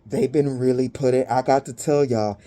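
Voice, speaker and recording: A woman giving a spiritual reading to her viewers, dramatic and blunt, swearing freely and pausing to catch her breath. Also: very deep voice, steady tone, mellow, a little hiss or hum. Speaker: spiritual reader.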